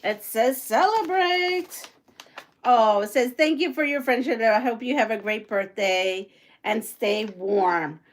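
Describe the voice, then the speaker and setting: A middle-aged woman hosting a casual livestream, chatty and excitable, greeting viewers and reading their comments aloud. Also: medium pitch, measured pace. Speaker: livestream host. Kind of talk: casual live chat while unboxing.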